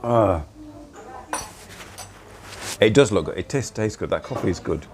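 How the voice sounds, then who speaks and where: A middle-aged man, talking into a laptop at a cafe. His voice sits fairly low but swings widely and animatedly in pitch as he chats, laughing often and teasing himself. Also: lively intonation, a little slow. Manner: chatty, laughs often, self-mocking. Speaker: livestream host. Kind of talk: casual chat livestream.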